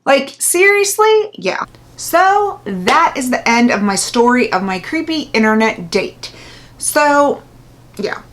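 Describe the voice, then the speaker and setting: A woman's voice: sits high, slow. Chatty woman vlogger telling a story. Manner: chatty, animated, lots of fillers and laughs. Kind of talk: casual storytime chat.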